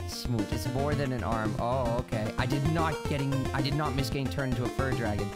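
A man doing excitable let's play commentary, shrieking high in panic, then rambling, joking and reading game text aloud. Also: a little fast. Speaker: gameplay streamer. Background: game music.

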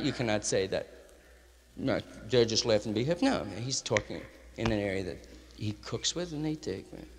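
Gravelly hipster comedian in a big hall. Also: male voice, medium pitch, background noise. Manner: loose hipster slang, rambling riffs, acts out bits. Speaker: stand-up comedian. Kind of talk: live stand-up routine. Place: concert hall stage. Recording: live concert hall recording with long reverb.

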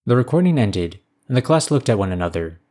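A man narrating a science fiction story in a measured, even storytelling manner. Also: medium pitch.

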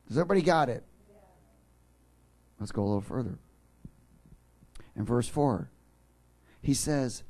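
A man preaching a sermon in church, joking with the congregation and then building to fervent, shouted passion. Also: mid-range voice, animated, a little slow, pauses often. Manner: jokey, rising to fervent shouting. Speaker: pastor.

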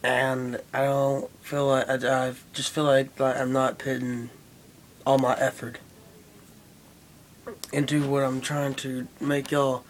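A man's voice: medium pitch, completely flat delivery, slow, pauses often, a little hiss or hum. A young man rambling casually and profanely to his camera, with lots of fillers. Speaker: vlogger. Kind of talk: casual vlog chat.

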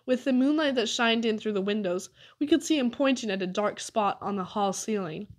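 A woman narrating a children's story aloud with an expressive reading. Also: mid-range voice, a little fast. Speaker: audiobook reader.

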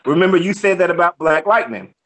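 A man's voice: high-pitched, brisk. A man co-hosting a movie review chat, teasing his friend playfully. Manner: teasing, animated, playful ribbing. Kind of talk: casual podcast review chat.

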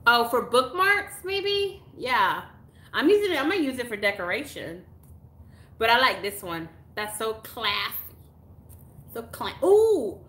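Gasps, laughs, and gushing exclamations fill this slow, chatty unboxing by a woman from Texas. Her voice is bright and fairly high, the room echoes, and she chats live as a YouTuber going through her mail.

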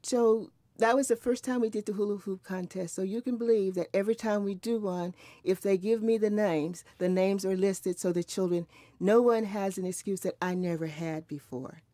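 A woman's voice: medium pitch, moderate pace, mellow, no echo. A woman in her seventies, recalling her mother and grandmother in an earnest, reflective way, often restarting her sentences. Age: 70s. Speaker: interviewee. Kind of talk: recorded oral history conversation.

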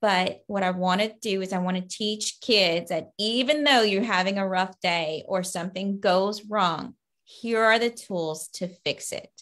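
A woman from Louisiana, a children's book author, giving earnest, upbeat interview answers over a video call with lively bursts in her stories. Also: mid-range voice, a little slow, few pauses.

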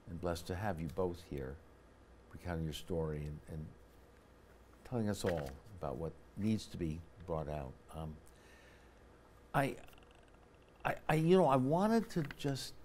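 A low, mellow man's voice hosting a talk show. He speaks haltingly and restarts his sentences often. A faint hiss of noise sits under the voice. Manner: halting, many restarts, reads an email aloud. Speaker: host. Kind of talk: public-access talk show interview.

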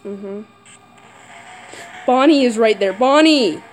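A woman's voice: fairly high pitch, expressive, slow, a little hiss or hum, poor audio. A woman playing a horror game and talking to herself, jumpy and nervous, squealing and giggling. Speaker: gamer. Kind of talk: horror game let's play commentary. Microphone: camera mic.

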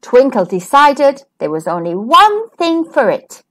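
Here a woman narrates a children's picture book in a storytime-host style. The delivery is unhurried, gentle and expressive, and her high voice moves animatedly across a broad range.

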